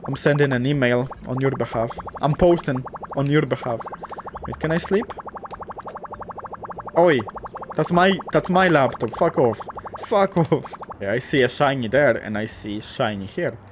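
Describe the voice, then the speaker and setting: A young man casually commentating a cute game, gushing, swearing lightly and talking to the characters, often jumping up into excited squeals. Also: medium pitch, unhurried, over music. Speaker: gaming YouTuber.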